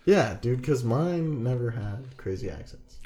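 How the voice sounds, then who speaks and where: A man's voice: mid-range voice, expressive, unhurried, dark tone. A male podcast guest in casual chat, giving easygoing, agreeable replies.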